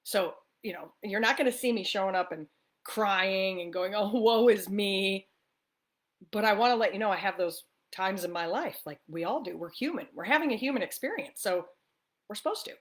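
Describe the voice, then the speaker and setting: An upbeat woman talks straight to camera in a relaxed coffee-talk chat. She coaches listeners in a friendly, chatty way, often checks in with a quick "right?" and slips into easy laughter. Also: mid-range voice. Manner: laughs often while talking. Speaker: spiritual life coach. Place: the East Coast of the US.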